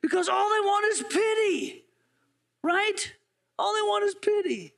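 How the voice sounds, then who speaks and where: A man with an unusually high voice and a gravelly edge delivers a sermon as a pastor. He keeps it conversational, tossing light questions out to his congregation as he goes. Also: unhurried, fairly bright tone. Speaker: interim pastor.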